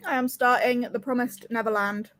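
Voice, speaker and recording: A woman makes cheeky, deadpan remarks on a live reading stream. Her voice sits a little high. The sound is dry and close. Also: moderate pace, no room sound. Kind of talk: casual live-stream chat.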